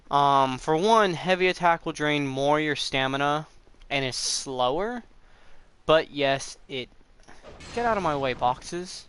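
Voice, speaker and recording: A young man talks over his gameplay in a loose, rambling way, stopping to swear whenever the game catches him out. His voice is bright and forward, and a faint hiss sits under it. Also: on the high side. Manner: rambling, swears at the game, breaks into frustrated outbursts. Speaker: gameplay commentator. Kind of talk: casual let's play commentary.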